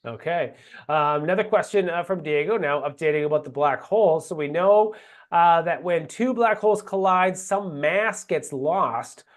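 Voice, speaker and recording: A man hosting a live astronomy Q and A, reading viewer questions and introducing topics in a relaxed way. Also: a little high, normal speed. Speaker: host.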